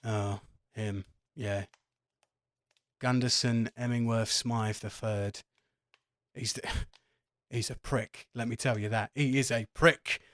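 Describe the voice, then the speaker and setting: A man's voice: medium pitch, fairly even intonation, slow pace, pauses often, a bit bright, no room sound, clean studio sound. A man voicing a crude, gossipy barman who swears freely. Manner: swears a lot and chats loosely.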